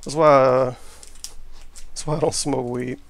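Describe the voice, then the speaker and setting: A man's voice: mid-range voice, little pitch movement, a little slow, gravelly. A man, chatting offhand and with profanity as he cooks in his home kitchen for a vlog. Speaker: cooking vlogger. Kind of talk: casual cooking vlog. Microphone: camera mic while cooking.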